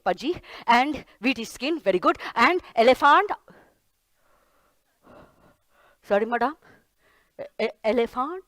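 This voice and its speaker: A woman's voice: fairly high pitch, no room sound, close to an everyday voice. A woman playing a bumbling, blustering hunter, speaking Indian English in a fussy, rambling, repetitive way. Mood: panicky. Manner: fussy, rambling, repeats herself. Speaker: solo stage performer. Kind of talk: one-woman stage play.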